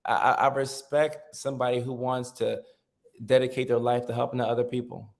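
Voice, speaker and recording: A man's voice: medium pitch, flat delivery, moderate pace, gravelly. A man in his thirties hosting a casual live stream, chatting loosely with viewers and reading their comments aloud with frequent restarts. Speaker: livestream host.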